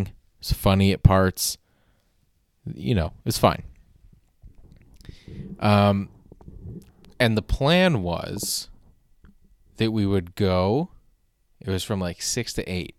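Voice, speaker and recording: A man's voice: lowish voice, no echo, clean studio sound. A man hosting a solo podcast, talking casually in a rambling, wry, self-deprecating way, with frequent restarts and casual swearing. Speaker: podcast host.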